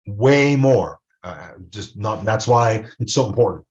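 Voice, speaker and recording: A male professor gives a recorded video lecture in a very low voice. He talks loosely and conversationally and keeps tossing in quick tag questions. The recording is dull and lo-fi. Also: lively intonation, a little mellow. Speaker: college professor.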